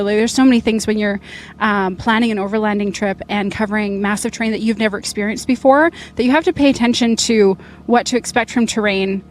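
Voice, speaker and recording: A woman's voice: mid-range voice, a little mellow. Young woman, rally competitor, chatty and upbeat, outdoor interview, faint background noise. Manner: chatty, upbeat, many fillers. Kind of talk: casual interview. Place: outdoors at an event finish line.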